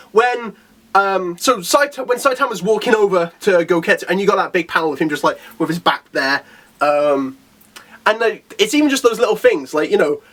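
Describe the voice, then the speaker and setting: A man talking through a manga chapter in a relaxed, rambling way. His voice swings widely in pitch as he gets excited, and he slips into a lower tone to act out what the characters say. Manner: enthusiastic, rambling with fillers and restarts; acts out characters' lines in a lowered voice. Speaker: manga reviewer. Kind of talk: casual chapter review.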